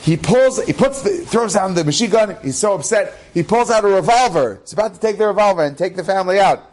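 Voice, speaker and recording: A man, a rabbi, telling an inspirational story in an animated, casual way, acting out the dialogue. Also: high voice, fast talker.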